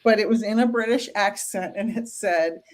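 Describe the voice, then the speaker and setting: A woman's voice: a little high, steady tone, fairly quick. A woman co-hosting a live stream, pulling cards and chatting playfully with viewers. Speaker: co-host. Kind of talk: live-stream card reading.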